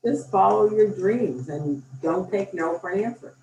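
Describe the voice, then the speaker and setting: Unhurried and expressive, her mid-range voice a little mellow, the older founder chats enthusiastically in an interview, acting out quotes as she tells her stories. The sound is roomy and distant, with faint ambience and slight background noise.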